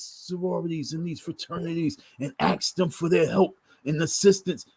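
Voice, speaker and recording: A man's voice: fairly high pitch, fairly even intonation, normal speed, creaky, few pauses, darkish tone, breathy edge, no room sound. A man ranting to camera in a profane, scolding monologue, hammering his points through repetition. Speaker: vlogger.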